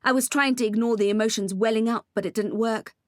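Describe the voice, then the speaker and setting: A woman's voice: fairly high pitch, fairly even intonation, quick pace, no room sound. A woman narrating a first-person audiobook with an intense, emotional delivery on a close studio mic.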